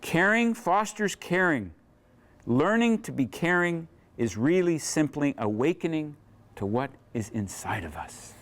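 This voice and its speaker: An author giving an earnest, reflective talk at a bookstore event. His voice swings lively and a touch high for a man, with long dramatic pauses that let lines sink in. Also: a little hiss or hum. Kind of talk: public talk with poetry reading.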